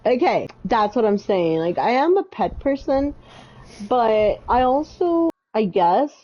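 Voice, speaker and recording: A woman's voice: fairly high pitch, very animated, a little slow, warm tone. A woman co-hosting a podcast, telling a long casual story full of fillers and restarts. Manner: rambling, lots of fillers and restarts. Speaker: podcast co-host. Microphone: home mic with audio issues. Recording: dull lo-fi audio.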